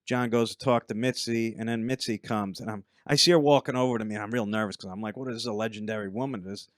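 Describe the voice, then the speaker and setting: A man who is a comedian guest on a podcast, telling stand-up stories in a relaxed way and laughing along. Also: fairly low pitch, quick pace, smooth, no room sound, clean studio sound. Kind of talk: casual storytelling chat.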